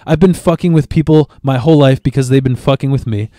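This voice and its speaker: A man's voice: medium pitch, quick pace, dark tone, dry recording, clean studio sound. A man, a stand-up comedian, telling long profane stories in a casual podcast chat and tripping over repeated words as he starts sentences. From Chicago area.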